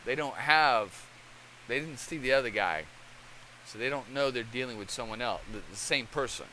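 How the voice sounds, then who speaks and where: A channel host delivers rambling, conversational commentary in a medium-pitched, bright, forceful voice at normal speed, often checking in with the listener by saying "okay." The low-quality recording has slight background noise.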